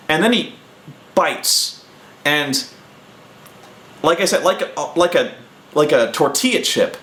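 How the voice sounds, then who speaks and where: Male host, rambling storyteller, lively pitch, echoey room. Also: a little hiss or hum. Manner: rambling, animated, acting out quotes. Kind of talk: casual anecdote telling.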